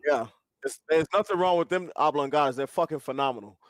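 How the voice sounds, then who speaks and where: A man's voice: fairly high pitch, fast, dry recording, studio quality. A middle-aged man, a podcast co-host, rambling jokily and a bit crudely through a casual cigar review. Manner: rambling, profane, jokey.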